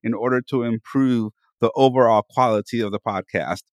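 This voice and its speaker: Animated male podcast co-host, dry sound. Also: mid-range voice, moderate pace, no room sound. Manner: animated, hypes himself up with repeated phrases. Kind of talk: casual chat. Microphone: studio microphone.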